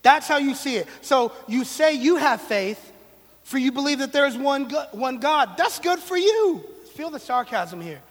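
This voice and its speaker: A man's voice: very high-pitched, expressive, normal speed, fairly bright tone, long reverb tail. A man preaching a casual, conversational sermon in a slangy, playful way, with sarcastic asides.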